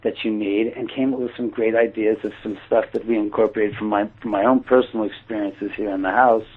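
A man casually telling a personal story, acting out his own quoted thoughts with lively shifts. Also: on the low side, brisk, slightly rough. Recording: tinny phone-like line.

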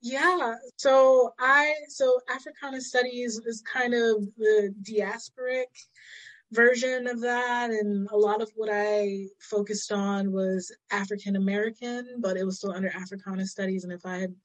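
A woman's voice: on the high side, steady tone, measured pace, rough recording. A woman poet, a guest on a podcast, answering questions in a casual and thoughtful way.

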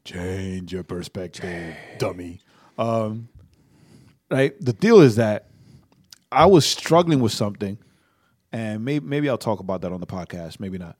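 A man's voice: mid-range voice, lively intonation, normal speed, darkish tone. Rambling man on a faith podcast. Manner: rambling, tags sentences with "right?"; stammering restarts. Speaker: podcast co-host. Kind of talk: casual faith podcast chat.

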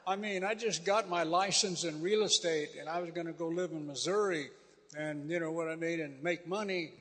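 A man's voice: on the high side, brisk, a bit bright. A man giving a rambling, folksy testimony in sermon style, with many fillers. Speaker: guest speaker sharing a testimony. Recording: long hall reverb.

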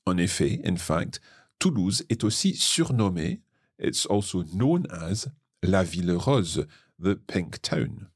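A man's voice: deep voice, very animated, measured pace, slightly rough, no room sound, clean studio sound. A man with a Scottish accent, hosting a language lesson and patiently explaining a text line by line. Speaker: French teacher and podcast host.

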